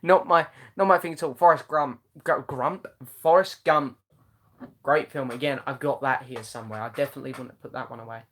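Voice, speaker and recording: A man's voice: mid-range voice, steady tone, a little fast, fairly bright tone. A young man hosting a casual live chat, reading out viewers' comments in a chatty, meandering way with many ums. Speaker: live-stream host.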